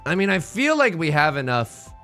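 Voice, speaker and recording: A man's voice: fairly high pitch, big pitch swings, moderate pace, pushed and bright. A young man giving casual, rambling, jokey commentary while playing a tile game, full of restarts and self-mockery. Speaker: let's play host. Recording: faint music behind.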